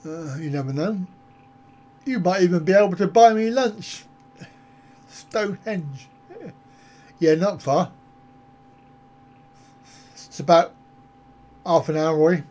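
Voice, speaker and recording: A man hosts a casual live stream for his viewers, wandering from topic to topic with an easy, joking manner. His voice sits a little high for a man, and he takes his time getting the words out. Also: expressive, slow pace, pauses often, darkish tone. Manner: jokey, rambling, easygoing. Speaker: travel vlogger hosting a live stream.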